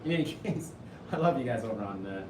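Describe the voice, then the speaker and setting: This fortyish painting teacher talks fast and expressively in a medium-pitched voice, caught from a distance in a reverberant studio with background noise. Hosting his live stream, he reads viewer comments aloud with playful enthusiasm, cracking jokes and gushing.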